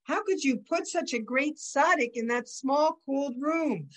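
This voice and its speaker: A woman's voice: high voice, measured pace, pitched above the performer's own voice. A woman voicing a famous older male Hasidic rebbe who speaks with emphatic exclamations and a raised voice. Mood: scolding.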